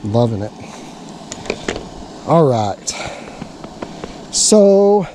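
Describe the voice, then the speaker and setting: A man's voice: medium pitch, a little slow, creaky, noisy background. A man talking casually outdoors as he cooks for his vlog, chatty and jokey, talking to himself as he works. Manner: chatty, jokey, talks to himself while working. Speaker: outdoor cooking vlogger. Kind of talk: casual cooking vlog chat. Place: outdoors at a camp cooking spot.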